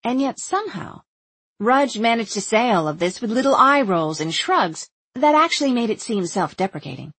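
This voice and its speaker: A woman's voice: medium pitch, sing-song, a little fast, hardly any pauses, fairly bright tone, slightly rough, dry recording. A woman reading a first-person story aloud in scripted narration, wry and observant in tone. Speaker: audiobook narrator.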